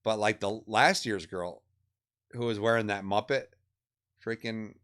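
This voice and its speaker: Laid-back low-voiced male streamer. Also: measured pace, a bit bright. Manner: laid-back, hesitant, many fillers. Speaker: stream co-host. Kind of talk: casual chat about video game awards.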